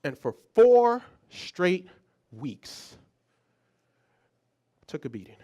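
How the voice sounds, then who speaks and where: Animated man telling a story. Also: high voice, drawn-out words, clear, resonant tone. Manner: animated, many restarts and repeated words. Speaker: psychologist and speaker. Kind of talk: motivational storytelling talk.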